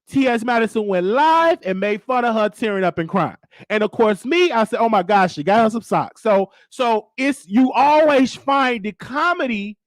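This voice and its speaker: Sassy and casual, this comedian-host speaks to his live-stream audience in a high-sitting voice with no room sound. He calls them "baby" and keeps asking "okay?"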